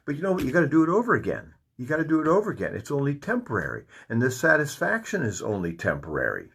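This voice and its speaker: A man teaching a Bible study, reading verses and then commenting on them in an animated, lively way. His voice is husky, with a mid pitch that swings widely up and down. He keeps an informal, folksy manner.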